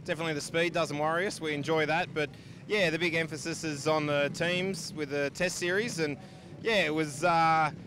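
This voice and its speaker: A man's voice: a little high, fairly even intonation, moderate pace, background noise. An Australian man, a sidecar racer, answering trackside questions steadily and matter-of-factly. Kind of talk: casual trackside interview. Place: outdoor speedway pits.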